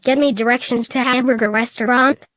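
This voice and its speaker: A brooding male hedgehog criminal speaks flatly and matter-of-factly in a storybook reading, as a woman reads the part. The voice is a bit high and recorded dry and close. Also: a little fast, no echo, natural voice.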